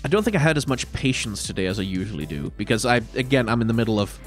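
This man sounds stuffed-up and nasal, his sinuses swollen, as he winds down a casual solo Q&A. He rambles, circles back on his own words and swears offhandedly. Faint music plays quietly behind him. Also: mid-range voice, very animated, quick pace. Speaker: YouTuber answering viewer questions.

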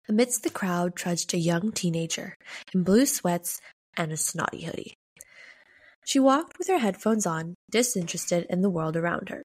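A woman reads a storybook tale aloud for a podcast. Her voice sits a little low, and she paces the narration with measured, dramatic pauses.

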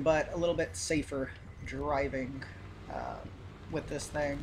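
A man's voice: a little high, animated, moderate pace, low-quality recording. A man giving casual, rambling gameplay commentary as a gaming YouTuber, easygoing and full of filler. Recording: loud game engine noise behind. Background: truck engine and game sounds.

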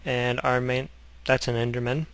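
A man's voice: mid-range voice, little pitch movement, normal speed, a bit bright. A young man rambling through gameplay commentary, goofy and sarcastic, wandering off on joking tangents. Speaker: gaming channel host.

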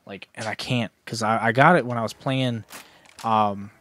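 A young man giving casual, rambling commentary while playing a zombie shooter, breaking into sudden excited outbursts, talking into a headset at home. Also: lowish voice, moderate pace. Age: young adult. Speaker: gaming YouTuber. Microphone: gaming headset.

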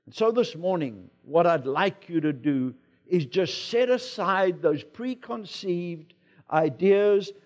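A man with a South African accent, preaching a sermon as pastor in a relaxed, conversational way, with personal anecdotes. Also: high-pitched, slow pace, dull audio. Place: church sanctuary.

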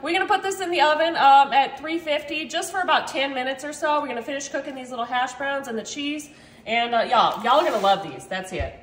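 A woman's voice: high voice, fast talker, fairly bright tone, roomy sound, slight background noise. A woman hosting a cooking vlog from her home kitchen, chatting playfully with viewers and joking about herself. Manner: chatty, playful, self-mocking, keeps saying y'all. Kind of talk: casual cooking chat to viewers.

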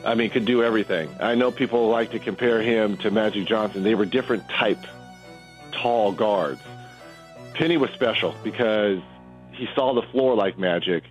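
A former professional basketball player gives a measured, analytical assessment in an interview. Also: male voice, on the low side, soft background music, poor audio.

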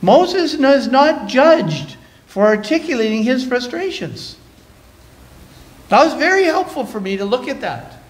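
Canadian male pastor, high-pitched, dynamic sermon delivery with scripture reading. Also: sing-song, a little slow. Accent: Canadian English. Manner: preaching with dynamic shifts between loud and soft, reading scripture aloud. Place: church sanctuary.

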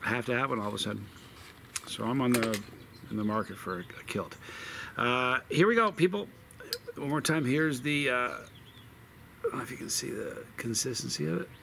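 A man's voice: medium pitch, animated, normal speed, creaky, pauses often, a bit bright, slight background noise. A man reviewing hot sauce outdoors, talking in a rambling, chatty way with lots of fillers. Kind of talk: casual outdoor video review. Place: outdoors in a desert backyard with birds.

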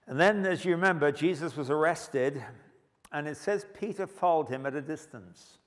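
A male preacher giving a sermon with animated, humorous storytelling. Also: fairly high pitch, moderate pace. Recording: long hall reverb.

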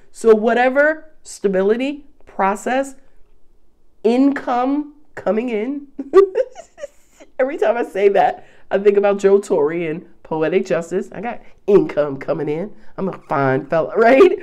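A woman with a Southern US accent gives a casual tarot reading close to the mic. She talks in an excitable, profane way, full of laughter. Her voice sits at an ordinary middle pitch. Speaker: tarot reader.

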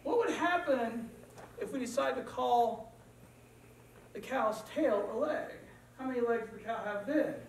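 A man's voice: very high-pitched, a little slow, creaky, a little hiss or hum, pitched above the performer's own voice, full character voice. A man voicing a shrewd, plain-spoken male statesman who reasons patiently with an opponent, heard from far off in an echoey church. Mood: patient reasoning.

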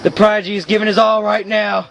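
A man doing excited play-by-play commentary for a wrestling match, exclaiming and shouting over and over. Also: high voice, fast, creaky, slight background noise.

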